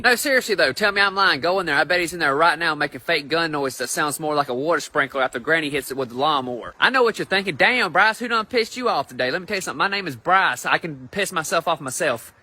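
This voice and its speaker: A fast-talking man with a Southern US accent tears through a profane stand-up routine. His fairly high voice is bright and forceful, and the recording is close and dry. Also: dry recording. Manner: ranting, profane, rapid-fire. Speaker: comedian. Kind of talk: stand-up comedy monologue.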